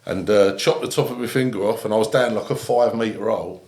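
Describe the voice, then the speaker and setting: A man's voice: on the low side, brisk, echoey room. Laughing man telling stories. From England. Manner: animated anecdote-telling, laughing through lines. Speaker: guest, ex-army comedian. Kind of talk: casual storytelling. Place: podcast studio.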